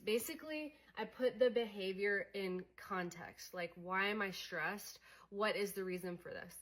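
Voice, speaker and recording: A woman's voice: medium pitch, a little slow, few pauses, fairly bright tone. A young adult woman coaching on emotions in a candid, conversational way, with many fillers. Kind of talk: casual teaching monologue.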